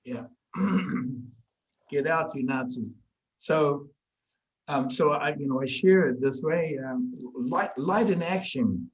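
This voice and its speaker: Animated male storyteller, dull audio. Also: on the high side, slow. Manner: animated, lively storyteller who repeats and restarts words. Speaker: guest in a group discussion. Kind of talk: casual conversation with storytelling.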